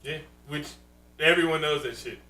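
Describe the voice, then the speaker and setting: Animated, profane man in a roomy room. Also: fairly high pitch, normal speed, soft background music. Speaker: podcast co-host. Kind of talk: casual chat. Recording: roomy, distant mic, faint hum.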